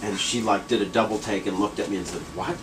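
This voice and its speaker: A man's voice: on the low side, steady tone, fast talker, noisy background. Rambling man telling a story far from the mic. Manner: rambling, laughing, swearing. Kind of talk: casual story telling among friends.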